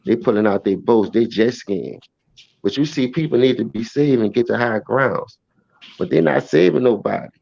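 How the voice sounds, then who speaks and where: Profane, animated New man storytelling. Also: medium pitch, normal speed, vocal fry, dry recording. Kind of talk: casual first-person storytelling. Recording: dry, slightly dull recording.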